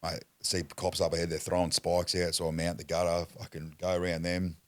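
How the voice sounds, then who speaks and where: A man's voice: low-pitched, little pitch movement, fairly quick, dry recording. An Australian man telling a story as a podcast guest, blunt and foul-mouthed in casual chat. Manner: blunt, heavy swearing, acts out quotes.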